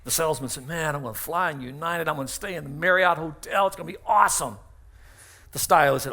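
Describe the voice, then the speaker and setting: Preaching in his church sanctuary through a stage microphone, a middle-aged pastor speaks quickly in a voice that is high for a man and has a bright, ringing edge. He tells stories, acting out their dialogue and repeating key phrases to drive them home.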